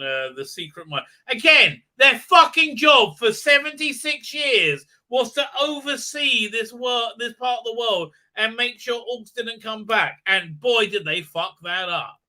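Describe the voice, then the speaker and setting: A man's voice: high-pitched, lively intonation, unhurried, few pauses, pushed and bright. A man hosting a livestream, ranting in sarcastic, profane commentary and mocking characters in silly voices, with many hesitant fillers. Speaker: show host.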